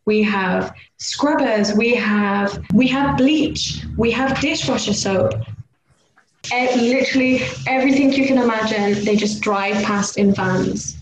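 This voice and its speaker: Animated young British woman chatting. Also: mid-range voice. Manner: animated, imitates street sounds loudly. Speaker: podcast co-host. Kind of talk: casual chat. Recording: echoey room, faint background noise.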